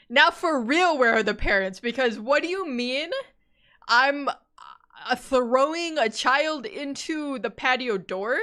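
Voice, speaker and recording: Bright, lively woman streamer reacting. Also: high-pitched. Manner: incredulous, joking, laughing asides. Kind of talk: live reaction commentary.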